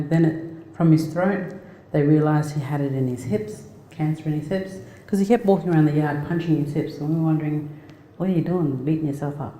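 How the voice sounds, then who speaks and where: A middle-aged woman from Australia giving a personal talk, telling a family story in a plain, halting, reflective way. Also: low voice, mellow, slight background noise. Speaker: speaker. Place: lecture hall. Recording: echoey hall.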